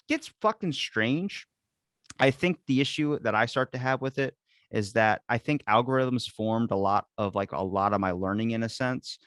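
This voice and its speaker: A man hosting a casual podcast chat, telling stories in an animated, profane way. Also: mid-range voice, normal speed, dry recording, clean studio sound. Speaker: podcast host.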